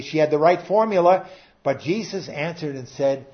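An earnest man preaches a sermon in a fairly high voice, swinging between emphatic peaks and quiet low stretches. The recording is dull and lo-fi. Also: measured pace.

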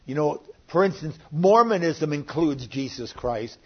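An older man preaching a sermon online, earnest and plainspoken, with sudden swells in loudness. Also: on the high side, animated, a little slow, breathy edge. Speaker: pastor. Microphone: online sermon recording. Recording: muffled lo-fi recording.

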